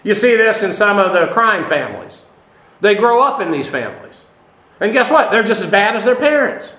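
A man gives a Bible study lecture in a noticeably high voice. He talks unhurriedly, dotting his points with "uh" and rhetorical questions. The recording carries a roomy echo. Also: sing-song, moderate pace, bright, forceful tone. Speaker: Bible teacher.

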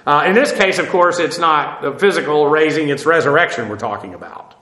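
A man teaching a verse-by-verse Bible study, parsing Greek grammar with frequent pauses and "uh" as he explains. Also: on the high side, pushed and bright, reverberant. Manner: explanatory, stops often with "uh" to parse grammar.

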